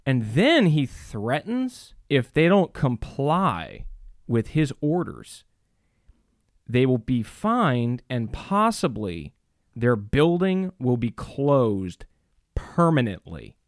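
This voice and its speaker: A middle-aged church speaker preaches to a congregation with big pitch swings in a medium-pitched voice, at a slow pace. He's emphatic, using rhetorical questions and many fillers. The recording is dry and studio quality.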